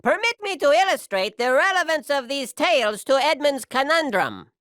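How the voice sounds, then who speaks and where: A woman's voice: high-pitched, very animated, normal speed, a bit bright. A woman voicing a pompous, rambling male storytelling mule in a children's cartoon, theatrical and forever getting names wrong, with children's music behind. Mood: grandiose.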